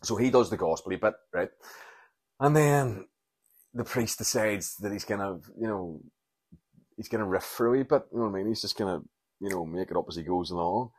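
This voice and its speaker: A man's voice: on the low side, fairly quick, breathy edge, dry recording. A Northern Irish man in his thirties hosting a rambling solo podcast, telling irreverent, sweary stories and acting out quotes. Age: 30s. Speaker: podcast host.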